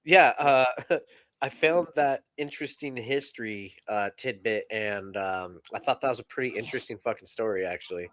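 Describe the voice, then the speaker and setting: A man co-hosting a comedy podcast, laid-back and dry with deadpan jokes. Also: medium pitch, moderate pace, no room sound. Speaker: podcast co-host. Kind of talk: casual comedy podcast chat.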